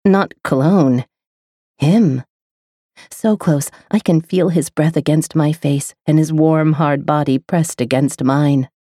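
Low-voiced woman narrating a romance. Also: takes it slowly, dark tone, no room sound, clean studio sound. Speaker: audiobook narrator. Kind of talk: first-person romance narration.

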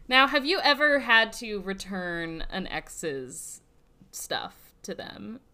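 A woman's voice: medium pitch, very animated, slow pace, sharp tone. A young woman in casual chat, self-mocking, laughing often.

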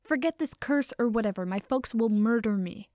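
A woman's voice: a little high, normal speed, a little mellow, no room sound, studio quality, natural voice. A woman reading aloud and voicing a panicked young man turned into a cat, who yowls his protests. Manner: yowling, panicked.

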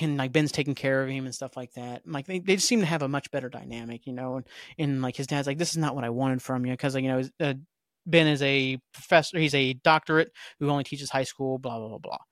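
A man's voice: mid-range voice, fast talker, fairly bright tone, no echo. Rambling man recapping an episode, dry sound. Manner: rambling, filler-heavy, swears casually. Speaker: podcast host.

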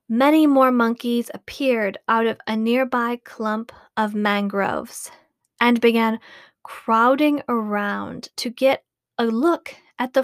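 A woman reading a children's storybook aloud, slow and careful. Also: a little high, dry recording, clean studio sound. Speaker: audiobook reader.

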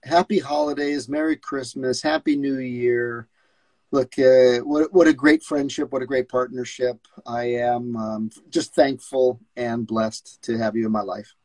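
A man's voice: mid-range voice, steady tone, unhurried, darkish tone, no echo. Male podcast co-host, inquisitive and friendly, dry recording. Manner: curious, asks questions. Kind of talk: casual chat.

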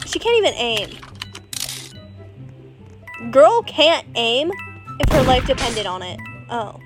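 A teenage girl hosting a gaming podcast, chatting casually and excitably while she plays, rambling and saying "literally" a lot. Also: high-pitched, slow pace, rough recording. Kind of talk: casual gameplay commentary. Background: game music.

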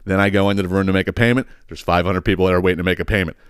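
Low-voiced man ranting fast. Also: fairly even intonation, clean tone, dry recording, clean studio sound. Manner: profane, exasperated, rambling with repeated words. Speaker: podcast host. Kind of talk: casual storytelling rant.

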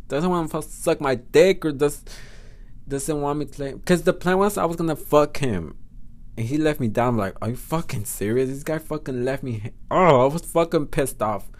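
Profane Spanish-accented man telling stories. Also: medium pitch. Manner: blunt, profane, chatty. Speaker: podcast host. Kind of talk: casual storytelling monologue.

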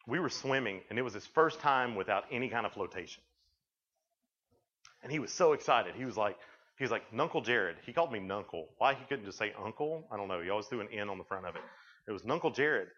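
A man's voice: on the low side, animated, fast talker, a bit bright. A man speaking to a youth camp, telling stories in a rambling way with frequent restarts. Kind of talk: sermon. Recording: dull lo-fi recording.

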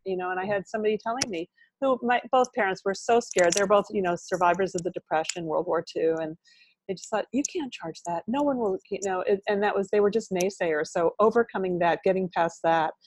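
A woman's voice: medium pitch, steady tone, a little fast, a little hiss or hum. An older woman talking as a podcast guest and author, rambling and full of sayings and "you know". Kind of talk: candid interview conversation.

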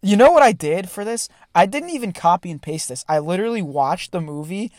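A chatty podcast host talking casually and rambling with restarts. The pitch sits mid-range, and the sound is dry and close with no room around it. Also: expressive, brisk, a little mellow, dry recording. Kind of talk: casual chat.

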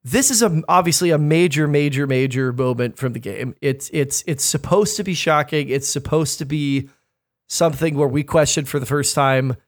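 A man's voice: fairly high pitch, normal speed. A man co-hosting a podcast, telling stories in casual chat, emphatic and profane. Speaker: podcast co-host.

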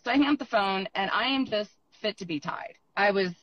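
A woman coach speaks as a podcast guest and tells lively stories with easy laughter. Her voice has a middle pitch. It comes through a slightly dull, lo-fi line. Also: fairly quick, slight background noise. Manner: storytelling, laughs readily, mimics others. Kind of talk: casual podcast conversation.

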